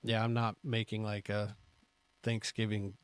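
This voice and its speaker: A man's voice: lowish voice, completely flat delivery, measured pace, clear, resonant tone, no echo. A man co-hosting a casual podcast, joking around and moving on to the next question. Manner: joking, moves the show along with questions. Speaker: podcast co-host. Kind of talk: casual chat.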